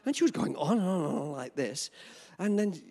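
A man in his seventies preaching a sermon, telling a personal story in an animated, chuckling way. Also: a little high, brisk. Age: 70s. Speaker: pastor.

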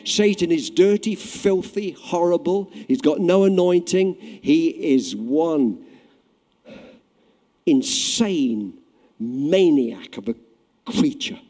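Preacher guy, bit high voice, mellow tone, big echoey hall. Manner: animated storytelling, acting out voices, swelling loud at climaxes. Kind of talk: sermon. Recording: long hall reverb.

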